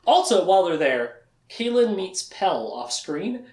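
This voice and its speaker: Chatty lecturer with a lively, laughing delivery. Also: mid-range voice, a little slow. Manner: chatty, laughing often, acting out quotes. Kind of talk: casual lecture recap of a fantasy novel. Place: room with a small live audience. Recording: echoey room.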